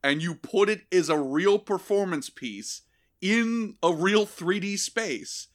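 A man with a high-pitched voice hosts a casual comedy podcast, slowly telling a story full of swearing, laughter and put-on voices. He is an animated, profane, laughing storyteller.

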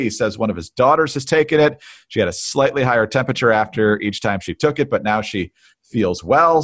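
Male podcast co-host reading the news. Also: medium pitch. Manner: steady, reads news items then poses questions. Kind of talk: political commentary chat.

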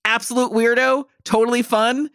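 A woman's voice: a little high, level tone, normal speed, fairly bright tone, clean tone, no echo, studio quality. A woman co-hosting a podcast, reading listener emails and giving blunt, enthusiastic opinions laced with swearing. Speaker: podcast co-host.

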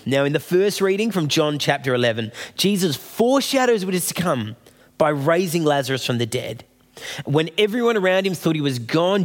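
A man giving a sermon in a conversational, storytelling way, acting out the people he quotes. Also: a little high. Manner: conversational storytelling preaching, voices quoted figures. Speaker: preacher. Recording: long reverb of a hall.

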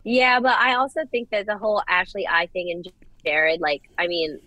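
A young woman co-hosting a casual podcast chat, gushing and animated as she gives her opinions. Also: on the low side, moderate pace, no room sound, rough recording. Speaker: podcast co-host.

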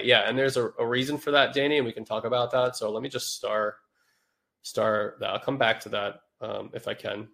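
Nasal with a cold, this man hosts a podcast and talks loosely to a live chat audience, rambling and dropping fillers often. He speaks briskly in a creaky, fairly bright mid-range voice with fairly even intonation.

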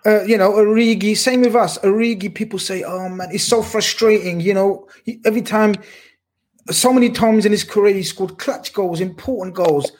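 This man hosts a casual football chat, and his voice sits high and a little husky. He talks in an animated, emphatic way, full of slang. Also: normal speed. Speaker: podcast host.

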